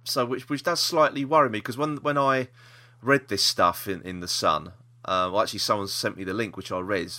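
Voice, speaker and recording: A man's voice: lowish voice, steady tone, brisk, sharp tone. A man co-hosting a casual podcast chat, rambling with restarts and laughter. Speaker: podcast co-host.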